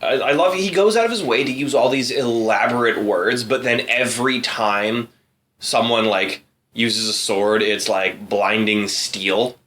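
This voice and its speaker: A man's voice: mid-range voice, a little slow, fairly bright tone. A man co-hosting a casual podcast chat in a dry, wry way, drawing out words for emphasis. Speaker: podcast co-host and reader.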